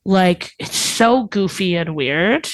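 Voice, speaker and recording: A woman's voice: on the low side, expressive, takes it slowly, no room sound. A woman guesting on a podcast as a drag performer, talking in a rambling, chatty way full of fillers and giggles. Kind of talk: casual podcast chat.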